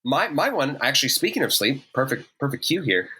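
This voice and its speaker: Bright-voiced man riffing playfully. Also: mid-range voice, big pitch swings, fairly quick, husky. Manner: wordy, playful, acts out bits. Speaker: podcast co-host. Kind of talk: casual chat.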